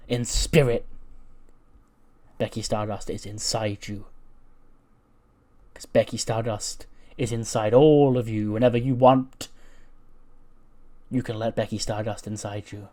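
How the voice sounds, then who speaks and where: A man's voice: mid-range voice, steady tone, a little slow, pauses often, dark tone, close to an everyday voice. A man doing a vain, gushing female wrestling diva. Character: flamboyant self-absorbed female wrestling star.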